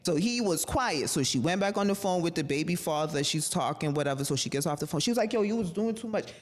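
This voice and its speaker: On a podcast, a woman guest with a low-pitched voice talks quickly through a story from her life, casual, slangy and profane. She brings it to life by performing the quoted voices of the people in it. The recording is reverberant, with faint noise.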